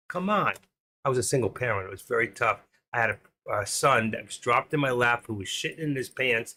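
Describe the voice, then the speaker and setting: A man's voice: mid-range voice, lively intonation, brisk, bright, forceful tone. A man in his sixties hosting a live stream, chatting in a rambling, opinionated way and reading off market numbers. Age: 60s.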